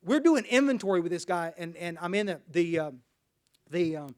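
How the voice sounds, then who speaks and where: A man's voice: high-pitched, expressive, moderate pace. A man from Dallas, Texas, telling his personal recovery story at a meeting in a folksy, rambling way with many restarts.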